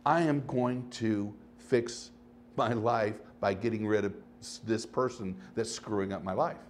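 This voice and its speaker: A man hosting his own podcast, talking casually and rambling through stories, swinging between animated bursts and low asides. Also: unhurried, slight background noise. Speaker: podcast host. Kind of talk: casual solo podcast monologue.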